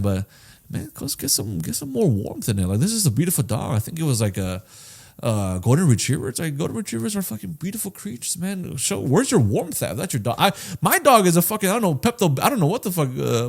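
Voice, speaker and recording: With a slightly high, creaky voice and a fairly quick pace, a podcast co-host chats casually, cursing freely and animatedly impersonating the people he quotes.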